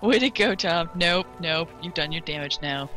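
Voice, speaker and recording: A woman chatting casually beside a gamer, teasing him and telling lively stories. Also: fairly low pitch, moderate pace, faint music behind, rough recording. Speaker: co-host friend watching the game. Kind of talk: casual chat and storytelling.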